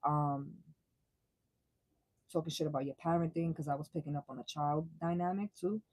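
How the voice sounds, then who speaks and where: Young woman, tarot reader on a live stream; mellow, slangy, swears freely, dry close sound. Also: deep voice, fairly even intonation, normal speed, dry recording, low-quality recording. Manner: blunt, profane, slangy and laughing. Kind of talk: casual live tarot reading.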